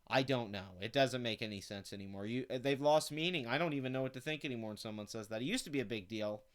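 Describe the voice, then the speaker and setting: This channel host has a mid-range voice and talks at a quick pace. Reading an article out loud, he reacts with an angry, contemptuous rant, sarcastic and full of swearing.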